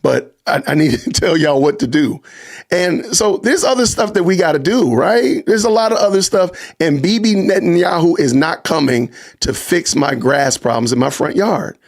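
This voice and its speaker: A middle-aged man, hosting a casual livestream podcast and talking straight to his live chat in an animated, joking way. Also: fairly high pitch, moderate pace, creaky. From Georgia, US. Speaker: podcast host.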